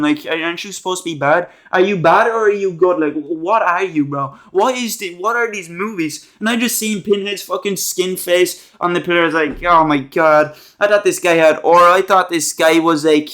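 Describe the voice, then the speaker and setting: A man's voice: on the high side, a bit bright. A young man ranting about movies in a casual, sarcastic, rambling way, full of slang, fillers and restarts. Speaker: movie reviewer.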